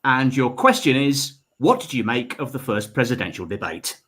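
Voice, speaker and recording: A man hosting a comedy panel quiz, reading out questions with quick asides and frequent laughs. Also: medium pitch, expressive, a bit bright, poor audio. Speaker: quiz host. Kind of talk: casual online panel chat.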